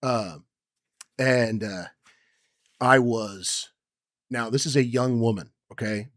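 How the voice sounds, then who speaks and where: A young man co-hosting a podcast who tells a personal story in a rambling way, with many ums, and acts out quotes loudly. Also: mid-range voice, takes it slowly, dry recording, clean studio sound. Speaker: podcast co-host. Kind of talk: casual chat, personal story.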